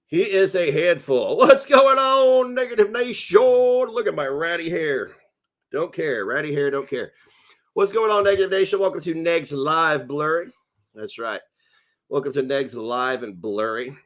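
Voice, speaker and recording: A man's voice: mid-range voice, a bit bright. A man hosting a livestream, ranting in mocking, sarcastic commentary with heavy emphasis. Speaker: livestream host.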